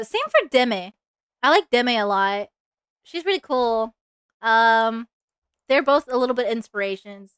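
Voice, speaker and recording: A woman streamer with a fairly high, smooth voice rambles through casual chat while she draws. She talks in a playful, loose way, fills the gaps with ums and likes, and sometimes drifts into sing-song. The sound is close and dry. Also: fairly bright tone, no room sound. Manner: rambling and chatty with many fillers. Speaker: VTuber streamer.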